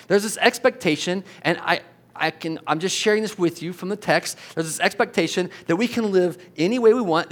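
A man's voice: a little high, fairly bright tone. A middle-aged man preaching a sermon as a pastor, in a conversational way, often checking in with "right?" and restarting his sentences.

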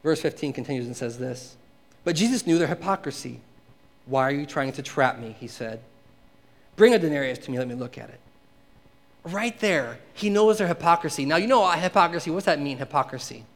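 A man's voice: on the high side, expressive, a little fast. A man preaching a conversational sermon to a congregation, asking them questions and acting out the quotes he reads. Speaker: pastor.

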